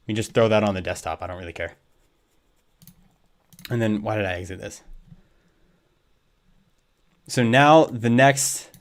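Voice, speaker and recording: A man hosting a music production livestream, thinking aloud and interrupting himself casually. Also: on the low side. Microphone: desk USB microphone.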